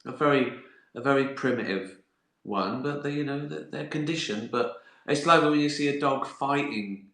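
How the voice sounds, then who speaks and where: Man, live stream q&a host, jokey, sweary, bright voice, roomy echo. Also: medium pitch, normal speed. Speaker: host answering viewer questions.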